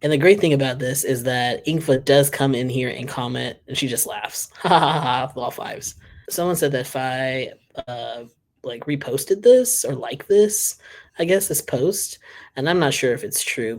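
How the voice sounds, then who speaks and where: A man's voice: mid-range voice, lively intonation, moderate pace. A man hosting a casual reaction channel, chatting and giggling as he reads social media posts aloud.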